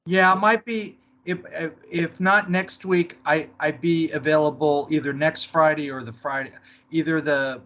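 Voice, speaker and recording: Bright-voiced man, hesitant guest. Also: a little high, fairly even intonation, moderate pace. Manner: hesitant, repeats words. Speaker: podcast guest. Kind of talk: casual podcast chat.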